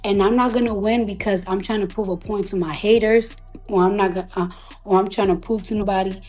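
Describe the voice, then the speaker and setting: A woman artist delivering an emotional, defiant monologue on a live audio chat, repeating herself for emphasis, swearing freely and sometimes dropping to a hushed whisper. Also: medium pitch, fairly even intonation, soft background music. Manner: emphatic, defiant, repetitive, profane; slows to a hushed whisper at times. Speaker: recording artist.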